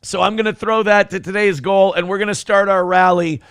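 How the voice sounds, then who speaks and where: A man's voice: high-pitched, steady tone, brisk, a bit bright, clean tone, no room sound, clean studio sound. A man hosting a morning livestream show in casual, profane, jokey chat, reading out viewer comments.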